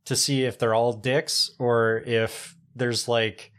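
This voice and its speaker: Co-host, male, unhurried delivery, rambly and searching, casual chat. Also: medium pitch, little pitch movement, a bit bright, clean tone. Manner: rambling, many fillers, slow and searching. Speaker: podcast co-host.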